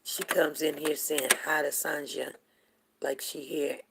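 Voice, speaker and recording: A woman's voice: low-pitched, level tone, unhurried, creaky, noisy background. A woman hosting a casual livestream, rambling chattily and talking straight to her viewers. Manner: greets viewers from the chat by name. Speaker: livestream host.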